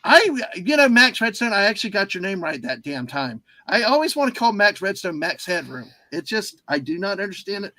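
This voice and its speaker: A man's voice: sits high, big pitch swings, brisk, few pauses, bright, forceful tone, no room sound. A man hosting a casual livestream who rambles and keeps interrupting himself. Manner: rambling, easily distracted, self-interrupting. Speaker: livestream host.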